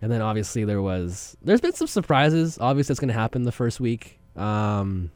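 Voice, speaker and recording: A man's voice: lowish voice, normal speed, clear, resonant tone, no echo. A man co-hosting a casual sports podcast, chatting about baseball and laughing often. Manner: laughs often, lively banter. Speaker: podcast co-host.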